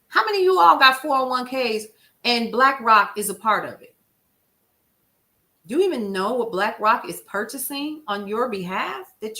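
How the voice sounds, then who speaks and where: Female stream host, bright tone, casual, talks straight to the chat. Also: a little high, lively intonation, normal speed. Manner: emphatic, conversational, addresses viewers as "y'all". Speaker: livestream news show host. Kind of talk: casual livestream chat, answering viewer comments.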